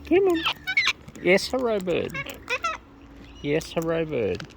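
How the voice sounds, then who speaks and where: A woman outdoors chatting playfully to wild birds, her greetings jumping into squeaky high hellos, recorded on a phone. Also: wildly swooping pitch, slow pace, vocal fry, background noise. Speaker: vlogger feeding wild birds. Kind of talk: casual chat to birds. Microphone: phone camera.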